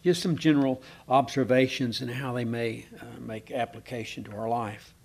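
A man teaching a Bible passage in a relaxed, conversational way, often pausing with fillers and asking his listeners questions. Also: medium pitch, vocal fry, slight background noise. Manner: conversational, asks the room questions, hesitant with many fillers. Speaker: preacher. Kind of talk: informal Bible teaching to a small congregation.

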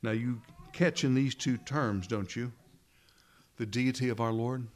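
A man preaching a sermon, earnest and emphatic, with dramatic pauses and quoted lines dropped low and hushed. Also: steady tone.

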